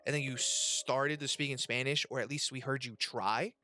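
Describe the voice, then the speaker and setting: Bright-voiced, casual male podcast host. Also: mid-range voice, steady tone, moderate pace, no echo. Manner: loose and profane, reading chat messages aloud. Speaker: podcast host and restaurant server.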